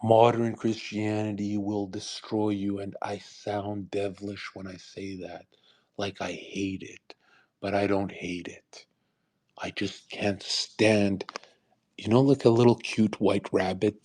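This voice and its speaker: A young man with a low, warm, mellow voice hosts a live talk room. He speaks in a crude, combative, boastful manner, lecturing his listeners. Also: little pitch movement, slow. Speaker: livestream host. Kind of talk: provocative monologue on a live audio room.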